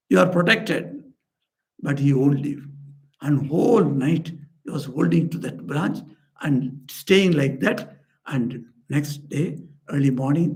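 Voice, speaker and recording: A man's voice: gravelly, a little mellow. A man, a swami telling parables in an earnest sermon, raising his voice for the characters he quotes. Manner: earnest storyteller, lifts pitch for quoted characters. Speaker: swami giving a spiritual talk. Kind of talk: storytelling sermon. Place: society house room.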